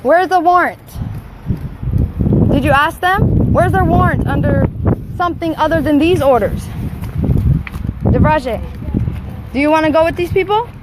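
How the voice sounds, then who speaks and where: A woman's voice: high-pitched, a little slow, pauses often. A mother filming a live phone stream outdoors behind a school, talking urgently and repeating her demands insistently. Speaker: mother livestreaming a confrontation. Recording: loud outdoor street noise.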